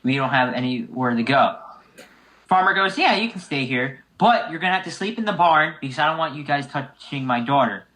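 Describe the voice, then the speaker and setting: A man's voice: a little high, fairly quick, rough recording. A young man co-hosting a casual podcast, telling a long joke and acting out the characters. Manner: animated storyteller, acts out characters. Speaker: podcast co-host.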